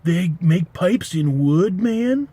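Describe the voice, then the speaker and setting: A man voicing a laid-back stoner dude with a slow, drawling, amazed way of talking. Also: a little high, expressive, a little mellow, slight background noise. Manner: slow, slack-jawed and amazed.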